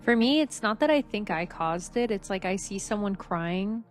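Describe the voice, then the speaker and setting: A woman's voice: medium pitch, expressive, moderate pace. A young woman streaming a game, chatting casually and emotionally, laughing and swearing now and then. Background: faint game music.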